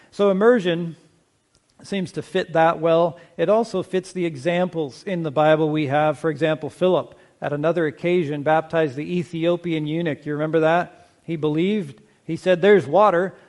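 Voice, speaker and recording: A middle-aged man preaching a sermon as pastor, speaking in a measured, conversational way, slowing down to stress key points and asking the congregation questions. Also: on the high side, a little mellow.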